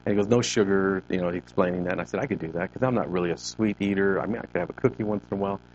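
A man's voice: deep voice, rapid-fire, a little mellow, muffled recording, a little hiss or hum. A man in his fifties, a ministry leader, telling a personal story to a group in a gym, acting out the conversations he recalls. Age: 50s. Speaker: ministry leader giving a talk. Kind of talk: personal testimony talk to a group. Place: CrossFit gym.

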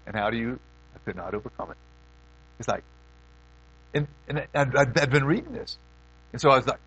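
A middle-aged man preaching a sermon in a folksy way, swinging between loud questions and hushed asides. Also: medium pitch, fairly quick, long pauses, low-quality recording.

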